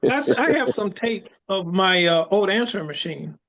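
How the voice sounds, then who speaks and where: A man co-hosting a casual podcast over a video call, telling stories in an animated, slangy way. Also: sits high, normal speed, muffled recording. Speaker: co-host.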